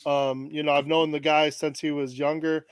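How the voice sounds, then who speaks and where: A man's voice: fairly high pitch, little pitch movement, normal speed, smooth, no room sound. A man co-hosting a casual podcast, emphatic and using fillers like "um" and "you know". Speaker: podcast co-host. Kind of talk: casual chat.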